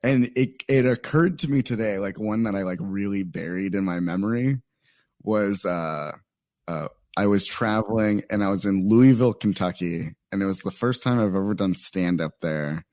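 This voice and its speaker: A young adult stand-up comedian from Phoenix, Arizona tells a story in casual chat, his fairly low, slightly mellow voice moving at a moderate pace. He rambles, using lots of "like" fillers and quoted asides. The studio-quality recording has no room sound.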